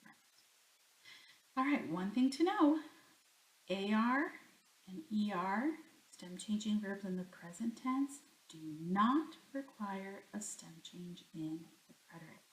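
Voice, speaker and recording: A woman speaks slowly in a mid-range voice with lively intonation during a Spanish grammar lesson, recorded in an echoey room. She narrates each example to herself and responds to her own questions.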